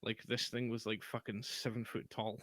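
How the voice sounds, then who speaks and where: A man's voice: lowish voice, level tone, normal speed, fairly bright tone, dry recording. A man telling a story in a casual, sweary, rambling way on a podcast. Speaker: podcast co-host.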